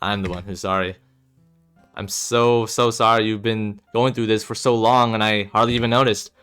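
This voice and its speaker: A man's voice: on the low side, fairly even intonation, normal speed, fairly bright tone, clear, resonant tone, faint music behind, lightly acted. A man reading aloud as an emotional young woman who is a devoted best friend, pleading with a voice that rises when she is upset. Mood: anxious.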